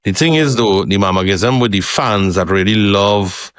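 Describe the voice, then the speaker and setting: A man, co-hosting a casual podcast and laying out his points in a relaxed, explaining way. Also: fairly low pitch, normal speed, dry recording, studio quality. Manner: relaxed, chuckles, talks in long explaining runs. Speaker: podcast co-host. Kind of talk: casual chat.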